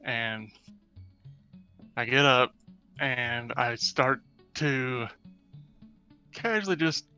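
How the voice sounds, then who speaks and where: A man playing a tabletop game, describing his character's actions in a halting, deliberate way. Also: mid-range voice, expressive, sharp tone, clear, resonant tone, lo-fi sound, soft background music. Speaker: player.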